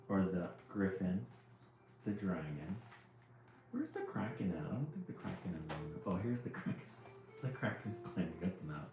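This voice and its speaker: A man's voice: deep voice, darkish tone. A man reading a children's picture book aloud, with chatty asides about the pictures. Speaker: storyteller. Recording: very echoey room, faint music.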